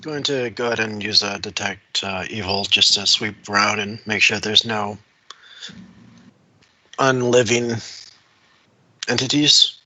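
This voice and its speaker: A man playing in a tabletop game, saying what his character does in a relaxed, plain way. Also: lowish voice, a little slow, pauses often, dry recording, rough recording. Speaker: player. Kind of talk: casual table banter.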